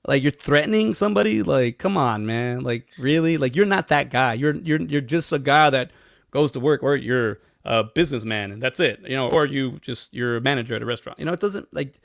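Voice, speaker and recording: A man in his thirties, co-hosting a podcast in casual chat, telling stories quickly and swearing freely. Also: medium pitch, expressive, creaky, no room sound, studio quality. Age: 30s. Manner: fast, swearing, storytelling. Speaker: podcast co-host.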